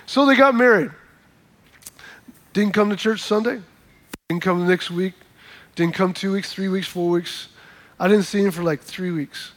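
A man's voice: high-pitched, measured pace, long pauses. A man preaching a sermon, telling a story and acting out the dialogue, and calling on the congregation to repeat words back. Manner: animated storyteller, acts out dialogue, calls for congregation responses. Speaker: pastor.

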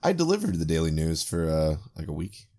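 A man with a very low voice hosts a relaxed movie commentary podcast. He reads film credits aloud and jokes around with his co-hosts, cursing casually along the way. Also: fairly quick. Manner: laid-back, swears freely, reads credits aloud. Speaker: podcast host.

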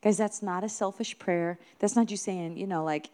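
Woman preacher giving a sermon, earnest and emphatic, keeps repeating lines to build it up, middle-pitched voice. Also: normal speed, darkish tone. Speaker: minister.

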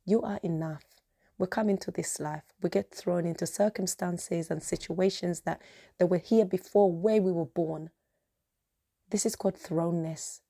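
Female podcast host, passionate solo monologue; low, dark, gravelly voice. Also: steady tone, a little slow. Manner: passionate, repetitive, earnest.

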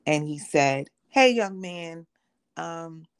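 A woman with a low, gravelly voice recounts her own story on a podcast. She tells it conversationally and slips into the voices of the people she quotes. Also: expressive, slow pace. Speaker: podcast guest. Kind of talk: personal testimony in conversation.

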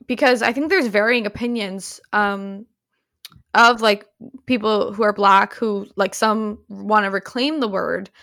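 A woman's voice: mid-range voice, steady tone, a little slow, fairly bright tone. A woman hosting a podcast in casual chat, encouraging her guest and asking follow-up questions. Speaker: podcast host.

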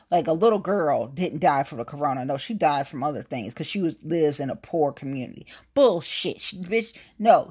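A young woman from the United States speaks in a blunt, profane rant that keeps spilling into asides. Her voice is a little husky and sits somewhat low. Her pitch swings widely as she talks. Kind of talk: casual political rant.

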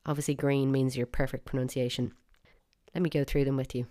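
A woman's voice: a bass voice, little pitch movement, a little fast, mellow. A woman with an Irish accent hosting a solo podcast, chatty and wry, with bursts of mock outrage. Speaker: podcast host.

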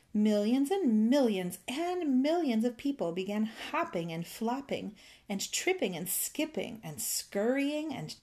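A storyteller with a fairly high voice reads a children's fairy tale aloud, gentle and rhythmic, savoring its repetitions.

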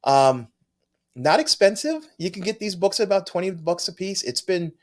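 Eager, halting man in casual chat. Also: high-pitched, expressive. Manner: enthusiastic, halting, full of restarts. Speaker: comic book podcast co-host.

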